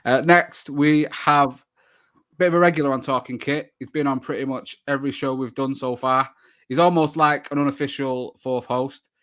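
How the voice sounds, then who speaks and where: Male host, mid pitch, easygoing chatter, frequent ums and restarts. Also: fairly even intonation, normal speed, a bit bright. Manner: chatty, friendly, many fillers and restarts. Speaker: podcast host. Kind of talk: casual live show chat.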